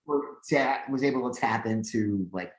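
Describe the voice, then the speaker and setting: A man's voice: medium pitch, moderate pace. Podcast co-host, male, mid voice, rambling filler-heavy chat, echoey room. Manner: rambling, filler-heavy, animated when excited. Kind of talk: casual chat.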